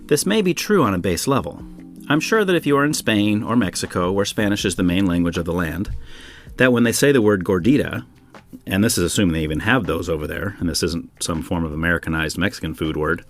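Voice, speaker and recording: A man hosting a podcast from home, delivering a wry, opinionated monologue full of rhetorical questions. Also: on the low side. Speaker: podcast host. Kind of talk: scripted monologue then casual chat.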